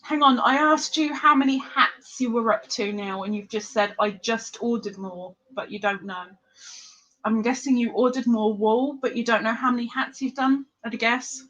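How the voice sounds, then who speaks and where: English lady, not a london accent, a bit high-voiced, chatting live with viewers about crochet, laughs a lot. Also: moderate pace, a bit bright, highs cut off. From England. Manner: chatty and emotional, laughs often, answers viewers by name. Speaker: crochet livestream host reading chat. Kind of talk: casual live chat.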